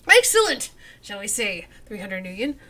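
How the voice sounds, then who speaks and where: A woman's voice: medium pitch, a little fast, a bit bright, lightly acted. A woman voicing a sly, corrupt male police officer in a role-playing game, speaking in a slick, streetwise way. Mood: wheedling. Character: sleazy male cop fishing for bribes, sly.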